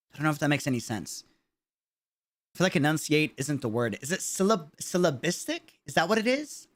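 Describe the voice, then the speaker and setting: A man's voice: on the high side, a bit bright. A man with a New York accent giving casual livestream commentary, rambling and searching for his words. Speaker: streamer.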